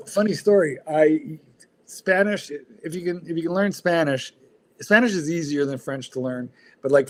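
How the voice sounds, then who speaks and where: A man's voice: medium pitch, a little mellow. A man hosting a livestream in casual chat, rambling and blunt, swearing freely with lots of fillers. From United States. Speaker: livestream host.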